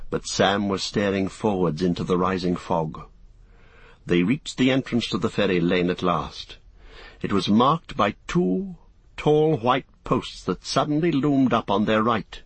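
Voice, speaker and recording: A male audiobook narrator with a low, husky voice, reading a fantasy novel in a measured, even way. The recording is dry and close. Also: dry recording.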